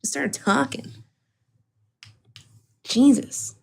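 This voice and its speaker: A woman's voice: mid-range voice, expressive, moderate pace. A woman co-hosting a livestream in casual chat, blunt and profane, mocking people in the chat.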